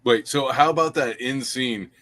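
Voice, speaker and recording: A man on a podcast panel, talking in a relaxed way and pausing on fillers. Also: mid-range voice. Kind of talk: casual chat.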